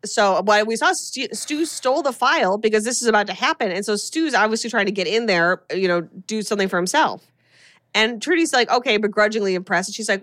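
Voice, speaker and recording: A woman talking casually on a podcast, retelling a story. She tells it with energy and slips into quick impressions of the characters. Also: mid-range voice. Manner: animated storytelling, acting out characters' lines. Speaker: podcast co-host recapping a film. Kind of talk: casual chat.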